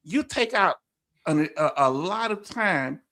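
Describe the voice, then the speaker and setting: Male livestream host, Southern accent, fairly high voice, laughs easily and trips over his words. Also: animated, slow, pushed and bright. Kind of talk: casual livestream chat, reading viewer comments.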